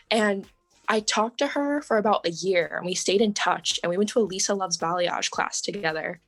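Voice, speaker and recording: A young woman, a podcast guest, telling her story in casual conversation, full of "like" and "um" and quick laughs. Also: fairly low pitch, steady tone, gravelly, fairly bright tone. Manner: chatty, lots of "like" and "um", laughs often.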